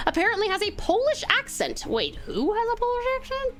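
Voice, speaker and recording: An Australian woman streaming a game, chatting warmly with viewers and reading the game's narration. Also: very high-pitched, wildly swooping pitch, a little fast, soft background music. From Tasmania, Australia. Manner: bubbly and affectionate with chat.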